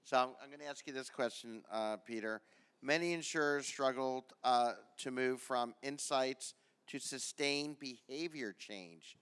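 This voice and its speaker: A man moderating an industry panel, briskly setting up questions for each speaker. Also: mid-range voice, fairly bright tone, clear, resonant tone. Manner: brisk, conversational question framing.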